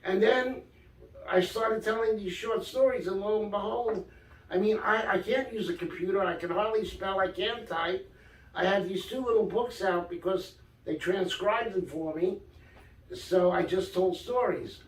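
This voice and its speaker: An older man from Brooklyn, New York, speaking with a high-sitting voice at a measured pace, appears as a guest author in a casual interview. He animatedly tells stories from his life and acts out quoted dialogue, recorded on a distant mic in an echoey room.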